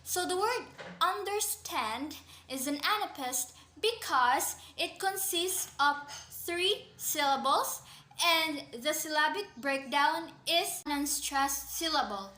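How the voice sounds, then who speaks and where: A woman giving a class presentation, reading out definitions in a measured way. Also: high-pitched, animated, bright, forceful tone, reverberant. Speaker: student presenter.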